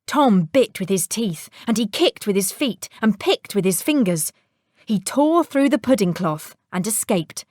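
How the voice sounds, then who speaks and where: A woman reading a children's storybook aloud with playful, expressive delivery. She reads slowly, her voice rising and falling in a lively way. The recording is dry and close. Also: medium pitch, dry recording. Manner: expressive, with sound-effect words.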